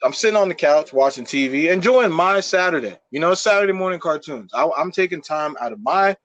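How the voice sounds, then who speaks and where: A young man co-hosts a podcast in a fairly high voice, spinning a story in an animated, profane way with plenty of fillers. The sound is dry and close to the mic. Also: brisk, no echo. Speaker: podcast co-host. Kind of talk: casual storytelling.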